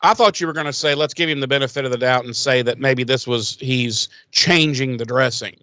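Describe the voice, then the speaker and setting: Animated male podcast co-host. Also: medium pitch, brisk, no echo. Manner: animated retelling, acting out characters' lines. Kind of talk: casual chat recapping a TV episode.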